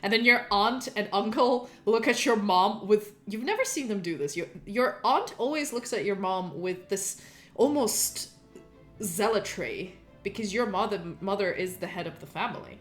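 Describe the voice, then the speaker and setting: A woman's voice: medium pitch, moderate pace, faint music behind. A woman narrating a tabletop role-playing game as game master.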